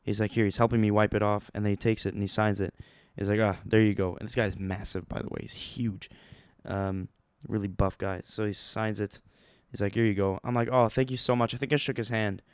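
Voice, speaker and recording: Young man, low-pitched, smooth voice, rambling excitable storytelling, close dry mic. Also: brisk, no room sound. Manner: rambling, excitable, many fillers and restarts. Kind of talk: casual storytelling vlog.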